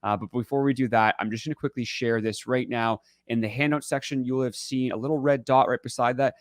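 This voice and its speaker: Fast-talking upbeat male webinar host. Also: mid-range voice, steady tone, no room sound. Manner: upbeat, loose, many fillers and restarts. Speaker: conference host. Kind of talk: live webinar introduction.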